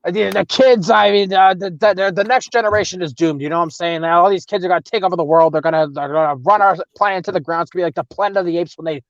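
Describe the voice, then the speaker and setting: A man's voice: high voice, fairly even intonation, fast, hardly any pauses, no echo, muffled recording. A man, a wrestler guest on a call, bragging about himself and joking in a casual chat. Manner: cocky, boastful, joking persona. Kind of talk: casual video call interview. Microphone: phone with headphones.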